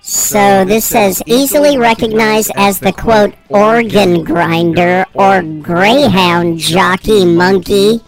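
A radio co-host speaks through a pitched-up chipmunk filter, sitting in the middle of the pitch range with a gravelly texture. Facts get read aloud slowly during morning show banter. Clear music runs beneath the talk. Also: far from the mic, low-quality recording.

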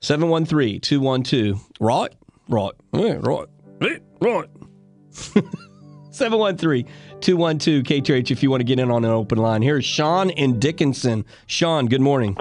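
A man's voice: medium pitch, expressive, moderate pace, soft background music. A man hosting a call-in garden show on the radio, chatty and folksy, laughing easily as he gives advice. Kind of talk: casual call-in radio talk. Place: radio studio. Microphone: studio microphone.

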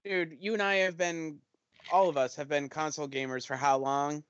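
A man co-hosting a casual podcast chat, arguing his point in an excitable back-and-forth. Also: on the high side, normal speed, clean tone, lo-fi sound. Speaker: podcast co-host.

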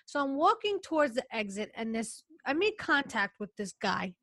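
Middle-aged woman, high and dry, lively talk-show storyteller. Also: moderate pace, no echo. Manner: animated, acts out quotes in the story. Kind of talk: casual chat, storytelling.

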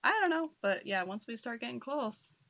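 A woman paranormal investigator telling stories in a casual chat, animated and laughing often, with the hiccups. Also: on the high side, normal speed, no room sound, highs cut off. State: has the hiccups.

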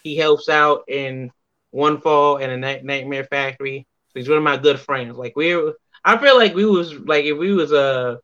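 A man with a bright, forceful voice that sits a little high tells stories from behind the scenes in wrestling. He is animated, jumps into other people's voices for quotes and swears freely. The recording sounds dull and lo-fi. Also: moderate pace. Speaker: wrestler guest. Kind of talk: casual interview storytelling.

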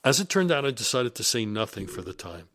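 A business executive recounts his career in an animated monologue. He is deliberate and emphatic, and his voice is mid-pitched. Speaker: executive telling career stories. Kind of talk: storytelling monologue.

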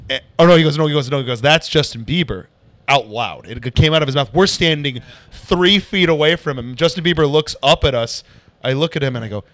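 A comedian guest telling animated stories in a casual podcast chat, with frequent swearing. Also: male voice, a little high, fast talker, no room sound. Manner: animated storyteller, swears a lot.

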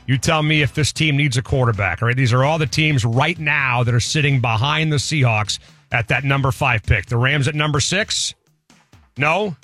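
A man's voice: medium pitch, normal speed, pushed and bright, soft background music. A man hosting a casual sports talk show, quizzing his co-host and dropping sarcastic remarks.

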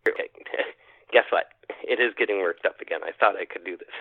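A low-voiced man from Canada tells his story with animation, acting out his own thoughts and repeating words for effect. The sound is dry and tinny, like a phone line. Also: normal speed, no echo. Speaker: podcast guest. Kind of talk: telling a personal encounter story.

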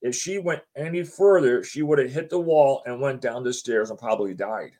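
Animated man telling a story. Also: medium pitch, normal speed. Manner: animated, acts out quotes of others. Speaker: homeowner telling his story. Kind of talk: casual storytelling.

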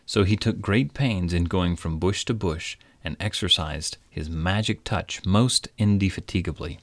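A man reading a storybook aloud in a measured, old-fashioned, gently wry manner. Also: low-pitched, no echo. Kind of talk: storybook narration.

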